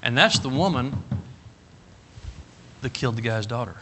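A middle-aged man preaching a storytelling sermon, folksy and animated, rising to loud emphatic bursts. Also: mid-range voice, normal speed, slight background noise. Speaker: pastor.

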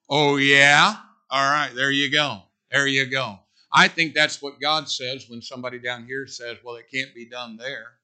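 Bright-voiced, emphatic preacher. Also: male voice, mid-range voice. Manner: folksy preaching that builds to loud, emphatic peaks. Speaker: pastor. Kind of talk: sermon.

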